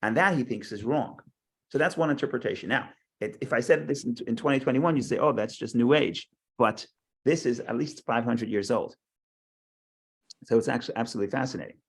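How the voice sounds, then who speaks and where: A man's voice: medium pitch, a little fast, fairly bright tone. A man teaching a Torah class, lecturing with frequent restarts, repeated words and rhetorical questions.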